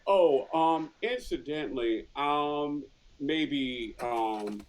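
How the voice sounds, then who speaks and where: A man playing a slow, polite rabbit-folk hero. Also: a little high, slight background noise. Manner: courteous and hesitant, many pauses.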